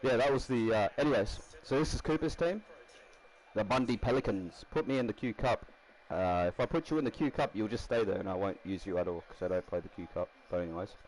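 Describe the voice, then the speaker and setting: Rambling gaming streamer. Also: male voice, on the low side, quick pace, a little mellow, poor audio. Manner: rambling, laughs often, self-correcting. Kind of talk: casual gaming commentary.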